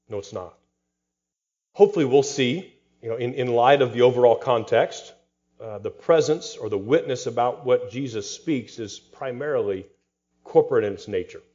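A man's voice: mid-range voice, darkish tone, dull audio. A man, a pastor, preaching an expository sermon with rhetorical questions and dry humor.

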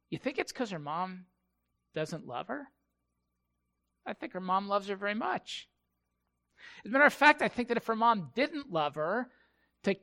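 Male pastor preaching, halting and repetitive, bright tone, slightly high voice. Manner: halting storytelling, repeats words. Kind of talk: sermon.

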